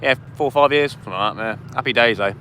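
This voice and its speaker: A young man hosts a fishing livestream from a riverside, talking casually and eagerly thanking viewers. His voice is bright and forward. Traffic hums faintly outdoors behind him. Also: mid-range voice, rapid-fire. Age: 20s.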